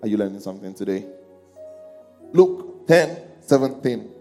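A man's voice: fairly low pitch, lively intonation, normal speed, warm tone. A man preaching a sermon in a church, calling out questions to the congregation and lifting his voice to read scripture aloud. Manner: calls out questions to the congregation, lifts his voice when reading scripture. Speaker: pastor. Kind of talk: sermon with congregation reading along. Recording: music under a long echoing hall.

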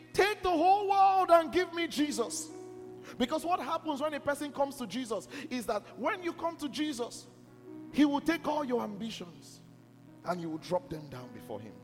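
A man preaching a sermon to a church, emphatic and repeatedly asking whether his listeners are listening. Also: sits high. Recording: music under a long hall reverb.

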